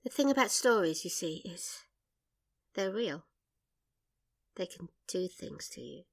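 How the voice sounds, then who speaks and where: A woman playing an anxious young librarian haunted by stories, in a horror audio drama trailer, hushed and pleading. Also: lowish voice, lively intonation, a little slow. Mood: tense, hushed.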